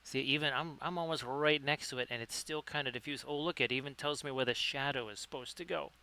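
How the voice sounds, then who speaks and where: A male host chats through a live-streamed miniature painting lesson. His voice is bright and crisp. He stays upbeat, greets viewers by name and corrects himself mid-sentence. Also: medium pitch, quick pace. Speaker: livestream host, painting tutor.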